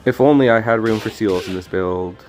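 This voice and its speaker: A man's voice: lowish voice, a little fast, darkish tone, soft background music. Rambling, jokey male streamer. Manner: rambling, jokey, self-deprecating. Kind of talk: casual gameplay commentary.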